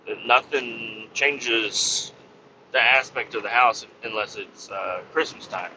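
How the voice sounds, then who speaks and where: A man's voice: mid-range voice, steady tone, slow pace, dull audio, noisy background. A man rambling casually about family life, swearing freely and joking at his own expense, full of fillers. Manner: profane, rambling, self-mocking with many fillers. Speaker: podcast host and family man.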